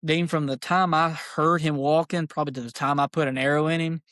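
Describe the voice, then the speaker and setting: A man, a podcast guest, tells a story in casual, excited, rambling speech, full of fillers like "dude". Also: a little high, brisk, no echo, studio quality. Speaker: podcast guest, archery shop owner.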